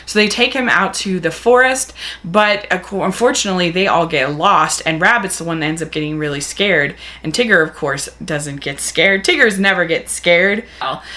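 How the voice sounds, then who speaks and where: A woman's voice: on the low side, bright, forceful tone. Gushing woman reviewing a film. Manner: gushing and enthusiastic, retelling with repetitions. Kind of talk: casual video review.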